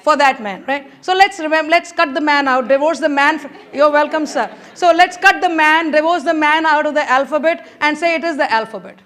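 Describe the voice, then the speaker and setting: High-voiced woman giving a rousing talk. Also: a little fast, few pauses. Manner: animated, coaxing the audience with repeated urging. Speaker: conference speaker. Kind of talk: motivational speech. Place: conference room.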